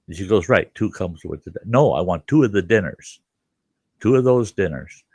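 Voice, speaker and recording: A deep-voiced older man with a gravelly, creaky edge spins a folksy tale, chuckling as he goes. He acts out the other people in the story while he talks. The sound is dry and close, with no room echo. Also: expressive, moderate pace, darkish tone. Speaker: storyteller host. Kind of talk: casual spoken storytelling.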